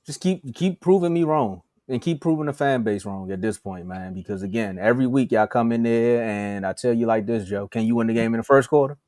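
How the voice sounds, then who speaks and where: A man co-hosting a sports podcast, joking animatedly, laughing between lines and rattling off shout-outs to listeners. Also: medium pitch, a little fast, hardly any pauses, dry recording, studio quality. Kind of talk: casual sports banter.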